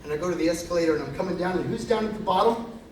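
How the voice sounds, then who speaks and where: A singer telling a profane, animated story between songs on a concert stage, in an echoey live hall recorded from far off. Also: male voice, sits high, racing, noisy background.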